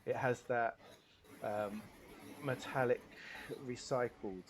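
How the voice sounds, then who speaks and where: A man narrating a tabletop game as game master, describing scenes slowly with many fillers. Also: medium pitch, steady tone, noisy background.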